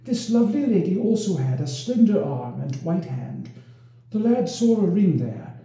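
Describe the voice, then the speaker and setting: Expressive high-voiced male storyteller. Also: moderate pace. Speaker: narrator. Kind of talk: storybook reading of a medieval romance. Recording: roomy echo.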